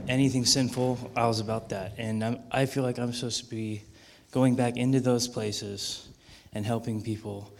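A man with a gravelly voice speaks an earnest testimony, pausing often. The hall adds a long echo, and faint noise is behind him. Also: mid-range voice. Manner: earnest, halting. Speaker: church member giving testimony. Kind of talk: spoken testimony.

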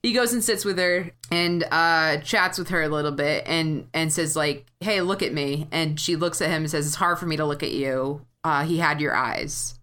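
A woman co-hosting a podcast, chatting casually as she recaps a film scene by scene, animated and swearing freely. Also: deep voice, normal speed, few pauses. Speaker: podcast co-host.

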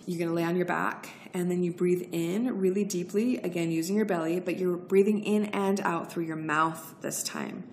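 A woman's voice: lowish voice, steady tone, normal speed, hardly any pauses, a little mellow, slight background noise. A woman hosting a podcast, giving chatty, encouraging breathwork instructions straight to her listeners. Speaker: podcast host. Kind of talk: casual instructional talk.

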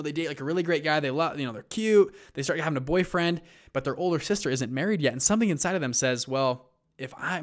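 A young man giving a casual, rambling motivational talk about entrepreneurship, acting out what people say in lively voices. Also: mid-range voice. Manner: rambling, acts out quotes in animated voices. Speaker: entrepreneur sharing advice.

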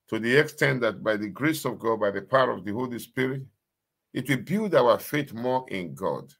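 Pastor guy preaching, keeps repeating lines and asking "you understand?", average pitch voice. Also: lively intonation, normal speed, gravelly, a bit bright. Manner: emphatic, repetitive preaching with call-and-response questions. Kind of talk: sermon.

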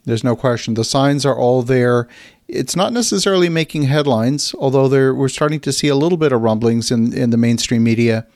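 A man hosting a podcast interview, speaking in a measured, affirming way. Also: medium pitch, a little mellow, dry recording, studio quality. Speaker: podcast host.

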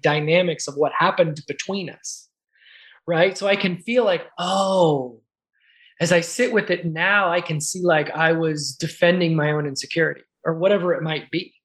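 A man in a casual talk about coaching, thoughtful and earnest, often pausing to find his words. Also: high-pitched, a bit bright. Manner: thoughtful, searching for words, slow earnest phrasing. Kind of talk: reflective conversational talk.

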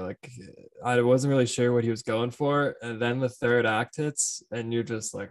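A man's voice: mid-range voice, normal speed. A man co-hosting a casual movie podcast, laid-back, often answering with short agreeing remarks. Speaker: podcast co-host.

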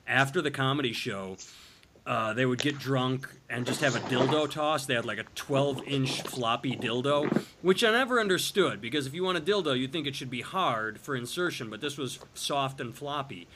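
Bright-voiced man joking crudely. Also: mid-range voice, moderate pace, slight background noise. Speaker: podcast host. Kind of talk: casual podcast banter.

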